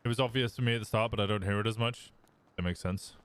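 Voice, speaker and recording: Young English streamer, Midlands accent, smooth and clear, relaxed conversational delivery. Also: male voice, lowish voice, quick pace. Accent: English Midlands, fairly posh. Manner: relaxed, rambling, reads chat aloud and answers. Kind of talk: casual chat with viewers.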